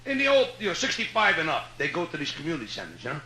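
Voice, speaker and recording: A man's voice: a little high, huge pitch swings, rapid-fire, sharp tone, slight background noise. A man with a Brooklyn accent doing live stand-up, telling jokes in a brash, chatty style full of "you know" and "right?". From Brooklyn, New York. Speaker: stand-up comedian. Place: hotel nightclub, live audience. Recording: echoey live room on old vinyl.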